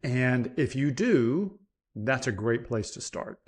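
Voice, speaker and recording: A man's voice: medium pitch, lively intonation, slow pace, husky. A man born in Scotland, speaking as a leadership coach guest, earnest and storytelling on a remote call. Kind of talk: conversational interview. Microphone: remote call mic.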